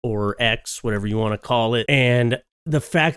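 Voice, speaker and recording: A man's voice: mid-range voice, normal speed, few pauses, fairly bright tone, smooth, no room sound, clean studio sound. A man hosting a comedic reaction commentary on viral videos, joking with sarcastic asides.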